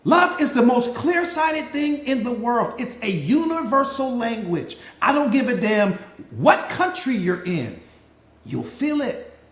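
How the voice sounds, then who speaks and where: A man's voice: very high voice, very animated, measured pace. Emphatic preachy man coaching in an echoey room. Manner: emphatic and preachy, repeats lines for effect; playful banter with audience members by name. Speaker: mindset coach. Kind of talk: live motivational talk.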